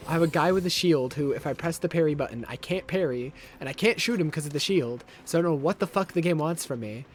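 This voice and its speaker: A man's voice: a little high, quick pace, a little hiss or hum. Frustrated swearing man streaming a game. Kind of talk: live gameplay commentary. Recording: game music and gunfire behind. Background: game music and gunfire.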